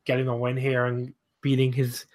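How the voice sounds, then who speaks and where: A man's voice: mid-range voice, monotone, normal speed, darkish tone. A man hosting a casual podcast chat, enthusiastic and leading the talk with questions.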